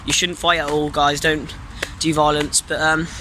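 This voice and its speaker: A teenage boy vlogging outdoors by traffic, talking excitedly to his viewers and swearing freely. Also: a little high, moderate pace. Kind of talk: casual vlog talk to camera. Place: outdoors in an urban park by traffic. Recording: loud outdoor street noise.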